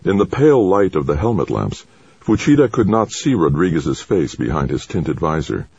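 Very deep husky male narrator. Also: sing-song, normal speed, a little mellow, no room sound, highs cut off. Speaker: audiobook narrator. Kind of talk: scripted narration.

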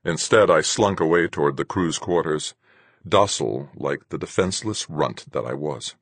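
A man narrating a novel in the first person with a measured, steady delivery. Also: extremely low pitch, breathy edge, no echo. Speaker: audiobook narrator.

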